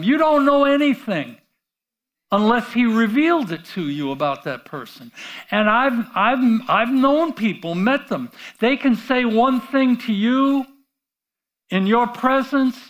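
High-voiced man preaching slowly. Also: fairly bright tone. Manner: conversational preaching with rhetorical questions to the audience; halting restarts and repeated words. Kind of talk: sermon.

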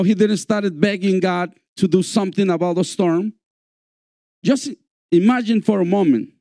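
A man preaching a sermon in a church, slow and repetitive, calling out for amens. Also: high-pitched, warm tone, no echo, studio quality. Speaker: pastor.

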